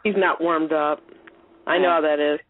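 A woman caller on a call-in talk show, teasing and giggly, with a husky voice. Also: sits low, fairly even intonation, normal speed, a little hiss or hum. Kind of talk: casual call-in chat. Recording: tinny phone line.

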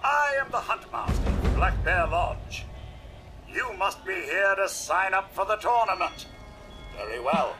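An actor playing a theatrical hunt master in a video game, greeting newcomers like an announcer. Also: male voice, high voice, very animated, measured pace, over music. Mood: grandiose. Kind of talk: video game dialogue recording.

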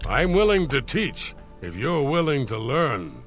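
Gravelly fantasy game trainer. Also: male voice, mid-range voice, big pitch swings, a little slow, a bit bright, faint music behind, full character voice. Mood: earnest. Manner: stately, proverb-like pronouncements. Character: gruff male fantasy game trainer, earnest. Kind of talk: video game character dialogue.

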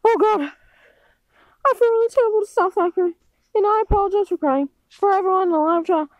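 Brief: woman, amateur fan-line reading, high voice, dry close sound, excitable and dramatic. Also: fast, no echo, rough recording. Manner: excitable and dramatic, jumping between loud squeals and low mutters.

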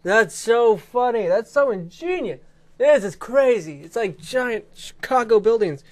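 A young man giving excited let's-play commentary, giggly and bursting into shrieks and laughter. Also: very high voice, measured pace. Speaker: gaming video creator.

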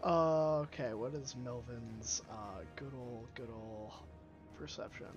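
A man's voice: mid-range voice, steady tone, slow, music in the background. A man playing a tabletop game, thinking aloud and changing his mind mid-sentence. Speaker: player. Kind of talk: playing a tabletop game over a live stream. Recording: dull lo-fi mic.

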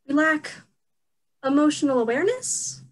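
A young woman playing a formal, emotionless female elf warrior on stage, speaking stiffly and deadpan. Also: high voice, slow pace, exaggerated voice, rough recording. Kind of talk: stage play acting.

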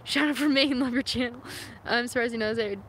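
A young woman streams live from somewhere in the wilderness, chatting casually and reading out comments from her viewers. She's from San Francisco, and her voice is a little high, a bit bright and slightly quick. The phone camera picks up faint outdoor noise.

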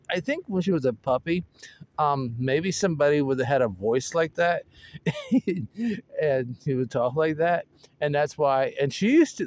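A man vlogging casually outdoors with his dog, excitable and laughing often, his voice going hoarse. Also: medium pitch, dry recording. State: losing his voice. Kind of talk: casual vlog chat.

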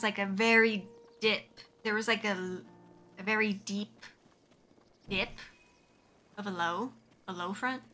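A woman streaming a game, chatting at an unhurried, drawn-out pace with frequent "like" fillers. Her voice is bright and ringing, and she giggles easily as she rambles. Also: medium pitch, a little hiss or hum. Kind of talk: casual live-stream chat while playing.

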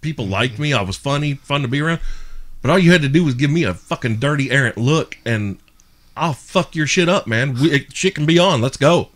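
Profane animated male podcast host. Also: medium pitch, a little fast. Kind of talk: casual chat, storytelling.

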